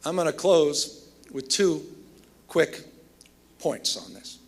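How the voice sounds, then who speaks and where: A man's voice: on the high side, big pitch swings, takes it slowly, slightly rough. A man delivering a commencement speech, telling emphatic stories with self-deprecating humor. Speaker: commencement speaker.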